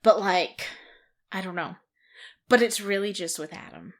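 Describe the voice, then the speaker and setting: Woman in her thirties, podcast co-host, chatty storyteller, middle pitch. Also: a little slow, a bit bright. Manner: chatty, storytelling with quoted asides. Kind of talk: casual chat.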